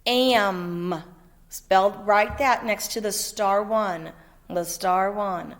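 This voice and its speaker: A woman teaching a second-grade phonics lesson, sounding out letters slowly and clearly and encouraging her pupil. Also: mid-range voice. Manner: slow, patient, over-articulates letter sounds; encouraging, checks in with "okay?".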